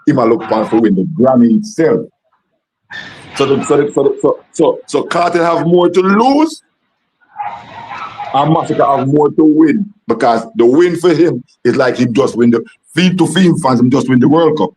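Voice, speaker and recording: A man's voice: medium pitch, animated, moderate pace, darkish tone, a little hiss or hum, poor audio. A man with a Jamaican accent hosting a casual call-in livestream, talking in repeated, stumbling starts. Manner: repetitive, stammering, laughs often. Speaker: livestream host.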